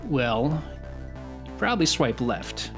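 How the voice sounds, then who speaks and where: A man's voice: a little high, very animated, slow. Male podcast co-host, loose and profane, joking banter, faint music underneath.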